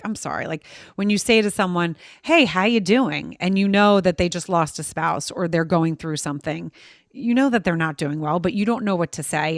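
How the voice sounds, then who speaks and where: A woman's voice: on the low side, dry recording, studio quality. A woman hosting an interview, talking earnestly and animatedly, quoting herself as she tells stories. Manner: earnest, animated storytelling with quoted asides. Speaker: host. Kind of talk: casual interview chat.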